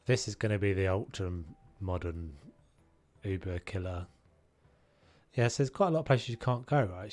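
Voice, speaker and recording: A man's voice: low-pitched, a little mellow. A man casually chatting and musing aloud while live-streaming a game, now and then humming tunes.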